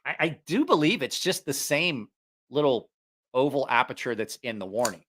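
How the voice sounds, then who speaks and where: Chatty bright-voiced man with a slight Ohio twang. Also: medium pitch, lively intonation, normal speed, slight background noise. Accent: Southeast Ohio. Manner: rambling, self-correcting, chatty. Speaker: knife reviewer and channel host. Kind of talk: casual livestream chat. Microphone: headphones on, studio mic.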